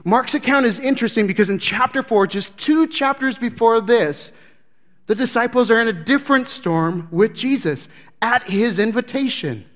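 A pastor preaches a sermon in an extremely high, fairly bright voice with lively intonation at normal speed, animatedly telling a story and acting out its scenes.

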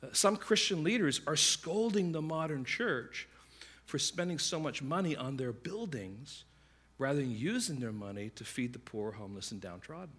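A man's voice: on the high side, slightly rough. A man preaching a sermon, telling stories in a conversational way and acting out the voices of the people in them. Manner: conversational, animated storytelling with quick asides; acts out quoted voices. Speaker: pastor.

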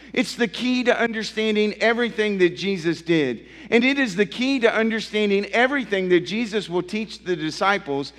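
A male pastor preaching a sermon in a church, emphatic, building through repeated phrases and dropping low for effect. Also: a bit bright. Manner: emphatic, building repetition with dramatic drops. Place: church sanctuary. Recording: long church hall reverb.

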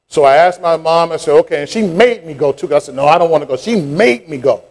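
A man's voice: on the high side, expressive, fast, hardly any pauses, darkish tone. A middle-aged man, preaching a sermon and telling a childhood story with rising fervor. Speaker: pastor.

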